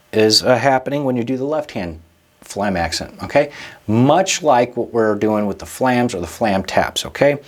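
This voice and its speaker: Patient man teaching drum rudiments. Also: mid-range voice. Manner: casual, checks in with frequent "okay?" and "right?"; patient, encouraging. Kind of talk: instructional explanation.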